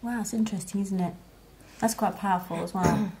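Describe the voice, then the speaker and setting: A woman's voice: mid-range voice, fairly even intonation, brisk, dark tone. A woman speaking candidly in a podcast conversation and acting out the voices in her head. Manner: candid, acts out quoted inner voices. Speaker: podcast guest. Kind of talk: reflective conversation.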